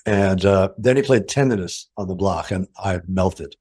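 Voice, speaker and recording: An older man, a guitarist, telling studio anecdotes in an interview, animated and acting out quoted voices in a higher pitch. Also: moderate pace, slightly rough. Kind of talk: storytelling in an interview.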